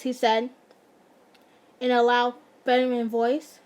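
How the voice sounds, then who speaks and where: A woman's voice: high voice, steady tone, unhurried. A woman casually reading fan fiction aloud, often stumbling, restarting and breaking off to joke.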